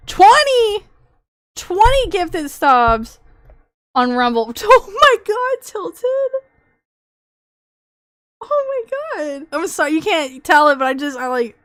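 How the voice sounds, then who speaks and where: A woman livestreamer in casual chat with her viewers, excitable, swearing freely and laughing often. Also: fairly high pitch, clear, resonant tone, no room sound, clean studio sound.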